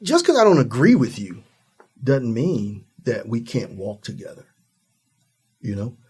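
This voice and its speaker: Husky-voiced Midwestern man, earnest. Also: measured pace. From Ohio, US Midwest. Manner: earnest, animated storytelling, acts out high-pitched quoted voices. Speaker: interview guest. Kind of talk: conversational interview.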